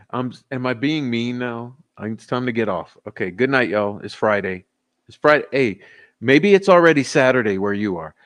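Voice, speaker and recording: With a medium pitch, a slightly bright tone, and lively intonation, a livestream host closes out his casual chat at a moderate pace. He's a little tipsy and giggly, laughing frequently while joking with viewers.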